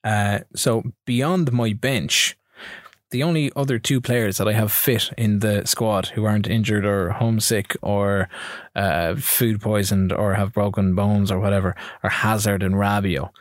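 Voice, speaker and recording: A man co-hosting a casual gaming podcast, recapping his matches in quick rambling bursts. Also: on the low side, fairly even intonation, dry recording, studio quality. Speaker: podcast co-host. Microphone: studio mic.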